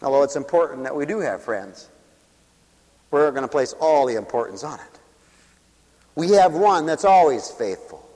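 Male preacher, sermon in a big reverberant hall, hammering questions, loud then hushed. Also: on the high side, animated, moderate pace, pauses often. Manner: emphatic, rhetorical questions, sweeping swings in volume.

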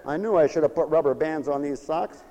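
A man, a pastor, preaching a playful, animated sermon in a church, repeating phrases and calling for responses from the congregation. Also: a little high, a little fast, in a large hall, highs cut off, background noise.

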